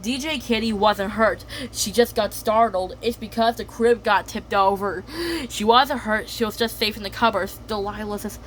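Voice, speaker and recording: A woman's voice: medium pitch, fairly even intonation, normal speed, fairly bright tone, slight background noise. Woman rambling through a made-up story. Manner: rambling, repeats "and then". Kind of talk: improvised story narration.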